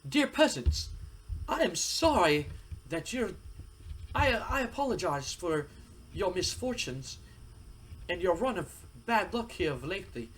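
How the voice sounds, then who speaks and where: A man's voice: high voice, big pitch swings, measured pace, long pauses, fairly bright tone, husky, pitched above the performer's own voice, exaggerated voice, low-quality recording. A man voicing a pompous young wrestling prince who talks down to others. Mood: haughty. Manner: mock-royal, condescending.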